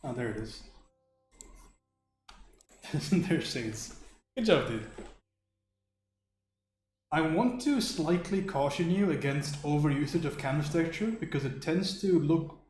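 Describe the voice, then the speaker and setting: A man's voice: a little high, expressive, slow pace, pauses often, darkish tone. A man hosting a casual live stream while he draws, joking around, swearing freely and answering chat. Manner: joking, profane, reacts to chat. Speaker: livestream host. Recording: roomy echo with faint music.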